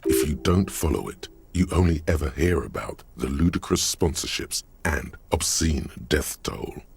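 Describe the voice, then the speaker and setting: A deep, gravelly game narrator. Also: male voice, expressive, exaggerated voice. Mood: wry. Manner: sardonic, measured second-person narration. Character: deep-voiced male narrator, dry and wry. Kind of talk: scripted voiced narration.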